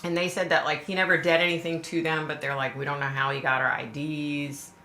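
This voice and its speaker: Female live-stream host, low tense voice, chatty and emphatic, echoey room. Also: flat delivery, fairly quick, bright, forceful tone. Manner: chatty and emphatic, addresses viewers directly. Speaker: livestream host. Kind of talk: casual live-stream chat to viewers.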